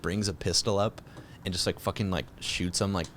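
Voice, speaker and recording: A young man with a low-pitched voice talks loosely and profanely, recounting film scenes with animated energy. A faint rumble sits under the recording. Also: a little fast. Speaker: podcast co-host. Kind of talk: casual chat.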